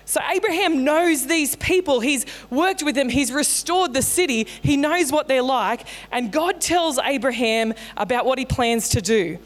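A woman's voice: high voice, lively intonation, unhurried, few pauses. Woman pastor preaching in a reverberant hall. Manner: conversational, playful storytelling. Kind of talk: sermon. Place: church auditorium. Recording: long hall reverb in a church.

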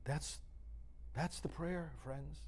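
A man's voice: a little high, fairly even intonation, takes it slowly, a little mellow, husky. A male priest giving a scripture reflection, reading Bible passages aloud and building to emphatic, urgent preaching. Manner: reads scripture aloud, then grows fervent and emphatic.

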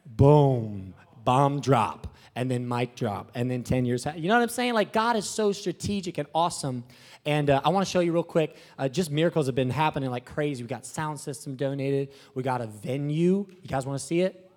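A young man, a new pastor, giving an emotional and excited testimony to a congregation, talking casually and swinging from soft to shouting. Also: mid-range voice, brisk. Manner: casual slang, breathless excitement. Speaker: young pastor planting a church.

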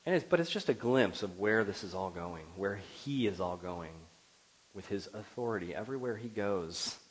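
A middle-aged man delivering a sermon as pastor, expressive and building to emphatic peaks. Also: fairly low pitch, moderate pace, husky, low-quality recording.

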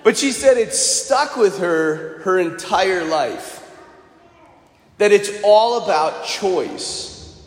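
A man's voice: high voice, expressive, slow pace. A man, a priest, giving a conversational sermon and telling stories, now and then acting out the people he quotes. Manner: storytelling homily, conversational, acts out quoted voices. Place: church. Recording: echoey church with long reverb.

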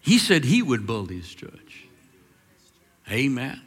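A man preaching a sermon as pastor, swinging between emphatic, drawn-out declarations and quieter, confiding storytelling. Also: medium pitch, wildly swooping pitch, slightly rough, long reverb tail.

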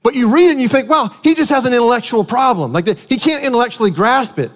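A man's voice: very high voice, animated, fast, big-room sound. A man preaching a sermon as a pastor, talking in a conversational storytelling way and repeating key phrases for emphasis.

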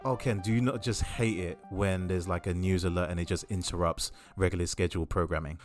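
A man's voice: deep voice, steady tone, brisk, faint music behind. A man co-hosting a podcast in casual chat, laid-back and teasing. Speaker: podcast co-host.

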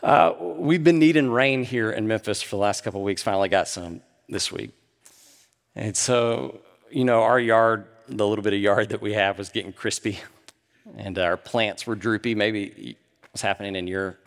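Lively man preaching in a hall. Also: on the low side. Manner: swings from animated to hushed. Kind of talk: sermon. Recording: long hall reverb.

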